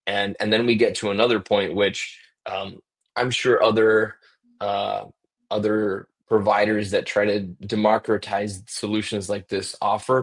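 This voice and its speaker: A man on a business podcast explaining his company's survey tool, often restarting words and checking in with "right?". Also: on the low side. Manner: repeats words while explaining, asks "right?". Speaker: guest from a survey software company.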